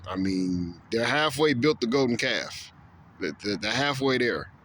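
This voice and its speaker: A man's voice: medium pitch, lively intonation, a little slow, a bit bright, slight background noise. A man talking straight to camera in a casual opinion monologue, repeating himself with stammered restarts and acting out quoted voices. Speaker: video blogger.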